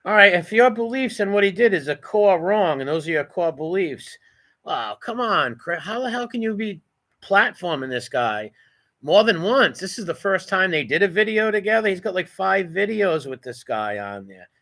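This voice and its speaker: A blunt New man hosting a reaction commentary, mocking and profane. His voice is bright and somewhat high, with a forceful edge. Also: sing-song, moderate pace, gravelly. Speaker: commentary channel host.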